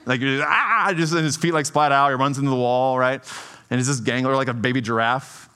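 Male pastor, bright and tense tone, animated conversational preaching. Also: medium pitch, brisk, smooth. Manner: conversational, often asks "right?"; animated, swings between soft and emphatic. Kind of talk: sermon.

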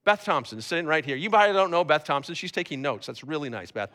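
A man's voice: a little high, animated, quick pace, sharp tone. A man preaching a conversational sermon to a congregation in a church, often repeating words as he talks. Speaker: pastor.

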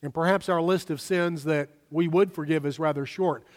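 A man preaching a sermon as pastor, emphatic and slowing down to stress key words. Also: a little high, fairly even intonation, long reverb tail.

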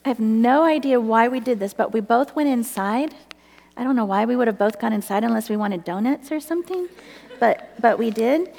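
A woman's voice: on the high side, animated, moderate pace, creaky, darkish tone. Middle-aged woman, personal testimony teller, earnest and laughing, echoing hall sound. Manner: earnest, breaks into laughter as the story builds. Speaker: storyteller. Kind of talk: personal faith storytelling.

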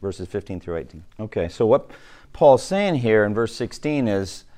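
A man's voice: lowish voice, big pitch swings, moderate pace, warm tone. A male pastor giving a conversational sermon, asking his listeners questions and often restarting his words. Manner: conversational teaching, asks the room questions.

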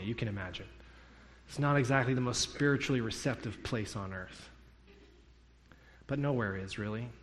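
A man preaching a sermon, telling a story and acting out the dialogue in it. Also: mid-range voice. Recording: long hall reverb.

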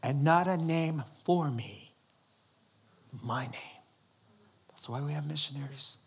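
Slow-speaking male preacher, animated. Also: husky. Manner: animated, rising to high emphatic bursts when preaching; calls for amens and asks the congregation questions. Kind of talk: sermon.

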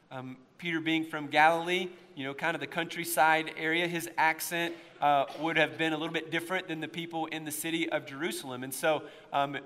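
Bright-voiced preacher in an echoing hall. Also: male voice, a little high. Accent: East Tennessee. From United States. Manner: impassioned preaching, rising to near-shouts at emotional peaks. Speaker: pastor. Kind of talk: sermon. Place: church sanctuary. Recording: long hall reverb.

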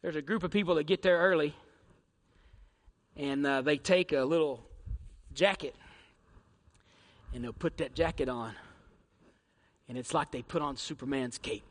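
A male pastor preaching a sermon in a church, dramatic, swinging from shouts to hushed near-whispers and firing rhetorical questions at the congregation. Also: fairly high pitch, measured pace, long pauses, in a large hall. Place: church sanctuary.

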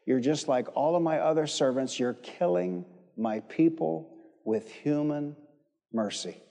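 A preacher voicing a stern rebuking Lord. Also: male voice, on the high side, measured pace, warm tone, big-room sound. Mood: stern rebuke.

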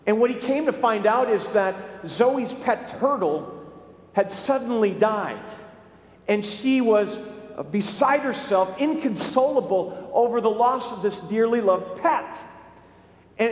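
A man delivers a storytelling sermon, often repeating little words as he goes. His voice sits high for a man. The sound is roomy, with a long, trailing reverb. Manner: repetitive, halting storytelling. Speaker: pastor. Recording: echoey, reverberant space.

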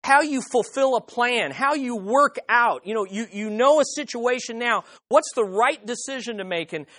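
Woman preaching, emphatic, call-and-response, fairly high voice. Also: moderate pace, fairly bright tone. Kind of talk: sermon.

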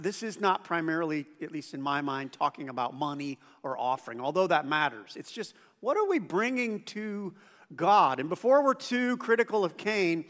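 A male pastor delivers a sermon with a high-pitched voice. He keeps it conversational, often turning to the congregation with questions and playing out quoted lines in little voices. The sound carries a long reverb from a large church hall. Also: fairly bright tone.

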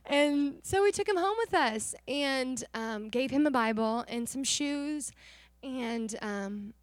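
A young adult woman giving an earnest, animated personal testimony to a church congregation, acting out the dialogue as she tells it. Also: high voice, takes it slowly, no room sound. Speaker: missionary sharing testimony.

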